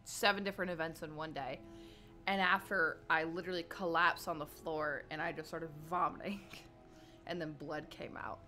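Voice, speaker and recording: A young adult woman streamer chatting casually, telling rambling, animated stories full of filler words. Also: low voice, normal speed, faint music behind. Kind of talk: casual storytelling chat.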